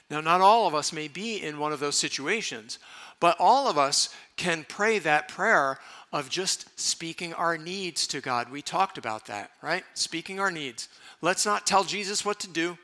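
A man preaching a sermon as pastor, conversational, moving between playful asides and hushed, earnest prayer. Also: on the high side, unhurried. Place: church sanctuary.

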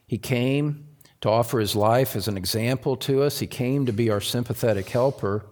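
A man preaching a sermon as pastor, earnest, with rhetorical questions and slow answers, sometimes rising to loud emphasis. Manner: rises to loud high emphasis.

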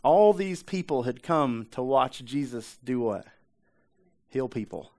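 A man's voice: medium pitch, animated, slow, a little mellow. A man, a pastor giving a conversational sermon, who drives points home with repetition and rhetorical questions.

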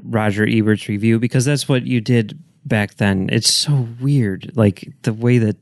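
A man from Chicago with a somewhat low voice talks films in a relaxed podcast chat. His delivery is easygoing and dryly dismissive. The recording is close and dead, with no room sound. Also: a little slow, no echo. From Chicago, USA. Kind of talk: casual film-discussion chat.

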